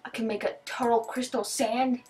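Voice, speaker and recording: A teenage girl chatting casually as she opens gifts, excitable, gasping and thanking over and over. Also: on the high side, normal speed. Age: teens. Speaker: vlogger opening gifts. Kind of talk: casual chat.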